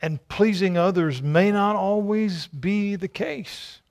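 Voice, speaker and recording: Male pastor, high-pitched, emphatic sermon delivery with lots of repetition. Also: slow. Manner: emphatic, repetitive rhetorical preaching with stammered restarts.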